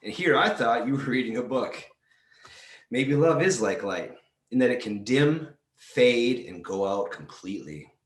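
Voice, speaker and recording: Man reading comic prose, lively and dry. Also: medium pitch, a little slow. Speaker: reader at a library storytime. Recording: roomy echo.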